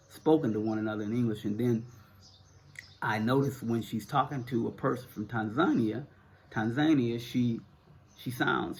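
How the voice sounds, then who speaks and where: A middle-aged man from the United States with a Northern American accent talks casually to his viewers. His voice is gravelly and a bit husky. He rambles, restarts his sentences and fills the gaps with "uh" and "um". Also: mid-range voice, darkish tone. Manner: rambling, repeats words, many fillers. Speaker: vlogger answering viewer questions. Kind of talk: casual to-camera talk.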